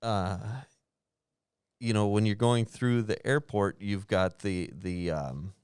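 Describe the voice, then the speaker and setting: Man, podcast host, smooth clear voice, dry close sound, lively storytelling. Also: on the low side, takes it slowly, no room sound. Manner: animated, acts out quoted voices, laughs often. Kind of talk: casual storytelling.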